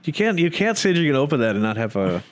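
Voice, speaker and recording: A man's voice: on the high side, sing-song, fast. A man, a wedding photographer, chatting casually on a podcast, rambling and slipping into voices when he quotes people. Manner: rambling storyteller who acts out quotes.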